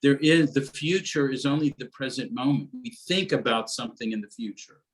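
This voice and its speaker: A man who teaches mindfulness, speaking gently and reflectively about grief, often pausing and searching for words, in a conversation over a video call. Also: medium pitch, poor audio.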